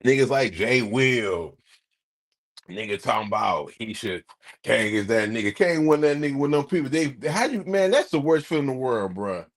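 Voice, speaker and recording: A man streaming, ranting casually to his live chat in an animated, profane way. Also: mid-range voice, normal speed, no room sound, clean studio sound.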